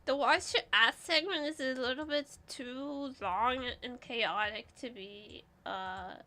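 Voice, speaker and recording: A young woman streaming casually, congested and clearing her throat, playful and giggly with dramatic outbursts. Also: fairly high pitch, slow pace, sharp tone.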